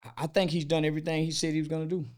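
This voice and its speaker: Blunt, crude man with a higher voice. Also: level tone, very fast, a little mellow. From United States. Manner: blunt, crude and unfiltered, with many fillers and restarts. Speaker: interview guest. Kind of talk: casual interview talk.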